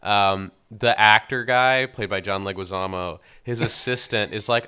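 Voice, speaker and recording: A young man co-hosting a podcast, casually recapping a film plot in a relaxed, filler-heavy way. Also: lowish voice, normal speed, hardly any pauses, clear, resonant tone. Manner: relaxed storytelling, many fillers. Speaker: podcast co-host. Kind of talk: casual film review chat.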